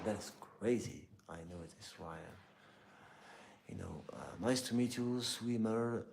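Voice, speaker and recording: Gravelly low-voiced Algerian young man. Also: a little mellow, a little hiss or hum. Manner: halting, searching for words, heavy use of "like" and "you know". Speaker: live streamer answering chat. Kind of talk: casual chat with viewers.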